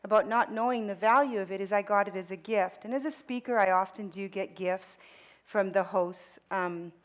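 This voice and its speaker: Animated woman speaker telling a story. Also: mid-range voice, normal speed, rough recording. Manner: animated storytelling with laughs and voiced quotes. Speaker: guest speaker. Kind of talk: storytelling church talk.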